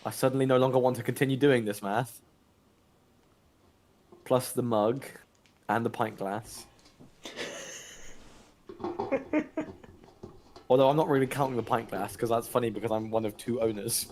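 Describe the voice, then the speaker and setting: A man's voice: mid-range voice, steady tone, normal speed, long pauses, a little mellow. A man on a voice call, chatting casually and jokily, reading out viewer messages. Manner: jokey, reads out chat messages. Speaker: friend on a call reading chat. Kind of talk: casual chat. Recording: noisy background.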